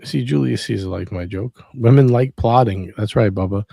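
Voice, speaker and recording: A man's voice: fairly low pitch, normal speed, gravelly, warm tone, dry recording. A man hosting a casual livestream, joking and reading out viewer messages. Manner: joking, reads out viewer chats. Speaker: host.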